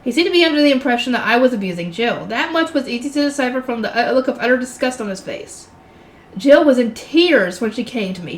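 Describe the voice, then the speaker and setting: A woman with a mid-high voice reading a novel aloud, mixing steady narration with casual, exasperated commentary. She talks to her listeners in a chatty, informal way. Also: fast, a little hiss or hum. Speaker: channel host reading a novel.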